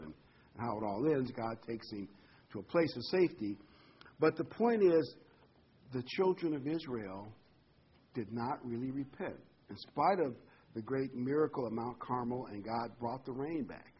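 Male Bible teacher, mid-pitched, casual and animated; husky voice on a muffled recording. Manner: animated retelling, voice jumping up when mocking. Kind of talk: Bible study lesson.

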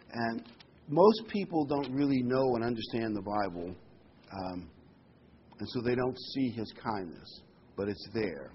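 A preacher delivers a sermon with an earnest, emphatic medium-pitched voice, repeating key words and reading scripture aloud. The sound is lo-fi, with a little hiss or hum.

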